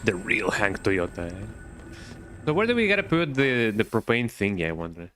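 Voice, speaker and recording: Playful low-voiced male gaming streamer. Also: sing-song, moderate pace, pushed and bright, slight background noise. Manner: chatty, playful, adds "eh?" to remarks; thinks aloud, repeats words in silly riffs. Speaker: streamer playing a horror game. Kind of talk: casual gaming commentary.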